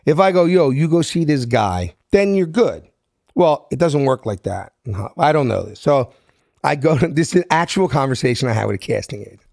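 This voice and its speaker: A middle-aged man from South Philadelphia with a Philadelphia accent, a guest telling brash, animated stories and acting out the dialogue. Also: mid-range voice, moderate pace, creaky, no echo, studio quality. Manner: acts out dialogue in the stories, street-smart and brash. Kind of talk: animated storytelling.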